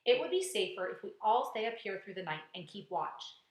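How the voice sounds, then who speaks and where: A woman voicing a calm, wise old male grasshopper who speaks in a measured, fatherly way. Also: medium pitch, roomy sound, close to an everyday voice.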